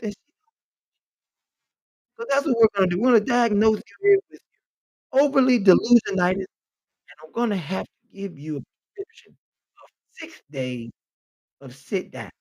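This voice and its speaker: A man with a high-pitched speaking voice hosts a comedy segment, dishing out blunt, profane mock-medical diagnoses. His delivery is direct and unfiltered. He sounds close to the mic in a dry, dead space. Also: animated, moderate pace, darkish tone, no echo, poor audio. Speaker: podcast host. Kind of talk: comic advice bit reading messages aloud.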